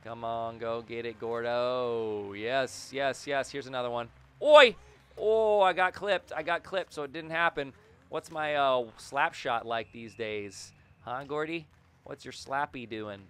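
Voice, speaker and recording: A man giving casual, excitable commentary over his own gameplay, muttering to himself, then yelling when things happen. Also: unhurried, clean tone. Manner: excitable, swings between low muttering and sudden yells; talks to the game and himself, repeats phrases. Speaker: gaming video creator.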